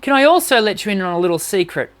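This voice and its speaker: A woman's voice: mid-range voice, lively intonation, fast. A woman vocal coach giving an encouraging, conversational live-streamed singing lesson and answering questions, with frequent restarts.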